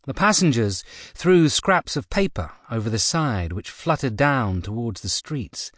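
A man narrating a nonfiction audiobook in a measured, expressive reading from a close studio mic. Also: medium pitch, dry recording.

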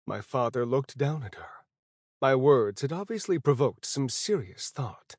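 A man reading a first-person fantasy audiobook at a steady, even pace. His voice sits in an ordinary middle register. The recording is close and dry, with no room sound. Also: medium pitch, unhurried, breathy edge, no echo. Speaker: audiobook narrator.

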